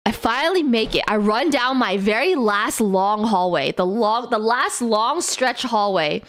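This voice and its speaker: A woman streamer telling a story to her chat in a casual, animated way, swearing a lot and bursting into quick rants and shrieks. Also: high voice. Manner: animated, exaggerated, lots of swearing; breathless rapid bursts with sudden shrieks.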